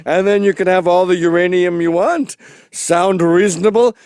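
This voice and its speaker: A man doing a weary older woman politician. She drags out her words in a stiff, over-enunciated, slowed delivery. The voice is pushed high and loud. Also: clean tone, dry recording, close to an everyday voice. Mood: mocking.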